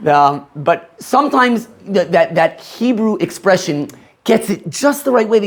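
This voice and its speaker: Animated high-voiced rabbi lecturing a class. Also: male voice, fast. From Maryland, USA. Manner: animated, questions the room, laughs often.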